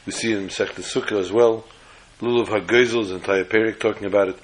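A man's voice: lowish voice, fairly even intonation, quick pace, poor audio. A man giving a Torah class lecture, explaining step by step and often restarting or rephrasing words mid-sentence. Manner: tells jokes as illustrations. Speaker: Torah teacher.

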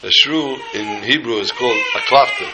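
A man giving a sermon as a rabbi, an animated storyteller who acts out scenes before he turns to teaching. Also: medium pitch, normal speed, very noisy. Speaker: rabbi teaching the weekly Torah portion.

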